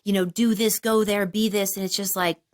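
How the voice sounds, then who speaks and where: Animated woman in her forties telling a story. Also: brisk. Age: 40s. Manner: animated, acts out quoted voices in high bursts. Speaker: podcast host. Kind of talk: casual storytelling chat.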